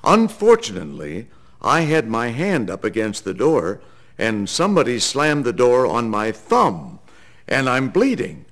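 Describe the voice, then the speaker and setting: An older man, a veteran cartoon voice actor, telling a lively anecdote in an animated way. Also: medium pitch, measured pace. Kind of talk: anecdote told to camera.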